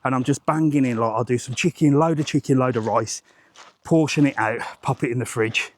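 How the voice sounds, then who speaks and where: A travel vlogger with a mid-range voice talks a little fast on a live walking vlog outdoors, holding his phone. He chats in a rambling, jokey way and swears casually.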